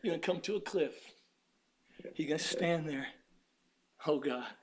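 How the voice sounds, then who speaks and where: A man preaching a sermon, shouting one moment and dropping to a hush the next, acting out short quotes of God and Satan. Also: a little high, normal speed. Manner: swings from shouting to hushed tones; voices God and Satan in little acted quotes.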